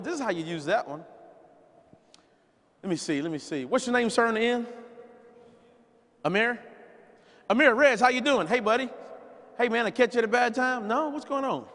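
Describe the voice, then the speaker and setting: A man giving a folksy, animated sales training talk, acting out conversations and repeating key phrases. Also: sits high. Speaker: business opportunity trainer. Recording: long hall reverb, live event.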